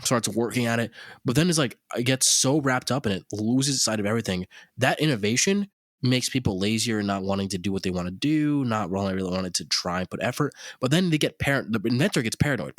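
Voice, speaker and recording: A male podcast host spins a long, wandering tale, swearing casually and tripping over his own words. His pitch leaps up and down with animation. The sound is close and dry, with no room echo. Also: fast. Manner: rambling, profane, animated storytelling with many fillers.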